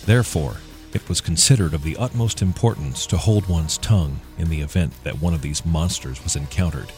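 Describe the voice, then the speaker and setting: A man reading a folk tale aloud as narrator, in measured, even storytelling. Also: rumbling low, faint music behind.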